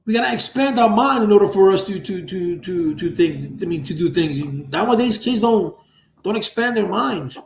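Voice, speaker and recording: A man's voice: sits high, animated, normal speed, creaky, distant mic, slight background noise. A man hosting a casual livestream, telling stories in loose, profane street slang from a room at home. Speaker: livestream host. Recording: roomy echo.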